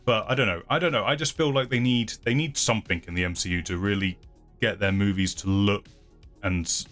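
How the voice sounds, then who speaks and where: A man's voice: on the low side, fairly quick, fairly bright tone, soft background music. A man hosting his channel who chats casually through viewer comments, rambling, hedging and often laughing at himself. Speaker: channel host.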